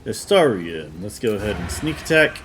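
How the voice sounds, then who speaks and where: A man's voice: fairly low pitch, sing-song, normal speed, noisy background. A man streaming a role-playing game, talking through his moves in a laid-back way over game music. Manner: laid-back, talks himself through each move. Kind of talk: let's-play commentary. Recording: game music loud behind voice.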